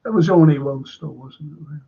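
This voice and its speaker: Gravelly, husky man ranting on a stream. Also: on the high side, fast, mellow, dull audio. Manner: ranting, swearing, greeting viewers in chat. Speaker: live-stream host. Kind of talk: live-stream current-affairs commentary.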